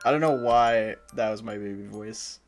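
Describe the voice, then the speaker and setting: A man's voice: fairly low pitch, moderate pace, faint music behind. A young man streaming a game, joking and self-deprecating as he talks to his chat. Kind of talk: casual game commentary.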